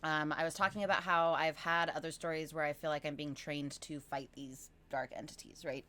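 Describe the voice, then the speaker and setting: A woman guest on a podcast, telling a long personal story casually, animated and rambling with lots of fillers. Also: low-pitched, fairly quick.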